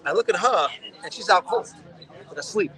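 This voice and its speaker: A man with a bright, forceful voice, pitched a little high, tells a wild story in a loose, profane way. He co-hosts a casual podcast chat and acts out the lines of the people in his story. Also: moderate pace. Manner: animated, profane storytelling with acted-out quotes. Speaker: podcast co-host.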